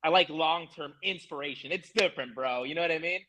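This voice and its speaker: A man's voice: fairly high pitch, brisk, bright, forceful tone, slight background noise, poor audio. A man hosting a casual interview, giving emphatic, motivational talk with plenty of swearing and "bro". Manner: emphatic, motivational, profane, calls listener bro.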